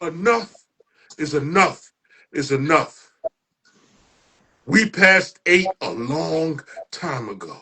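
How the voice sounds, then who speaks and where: A man hosting a poetry show, delivering dramatic spoken-word poetry that builds into shouts. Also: on the high side, lively intonation, slow pace, pauses often, breathy edge. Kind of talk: performance poetry recital.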